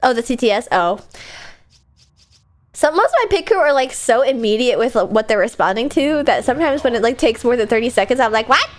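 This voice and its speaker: A young woman VTuber streams a video game, offering casual commentary in a bubbly, giggly way. Her voice is fairly high, expressive, and fairly quick.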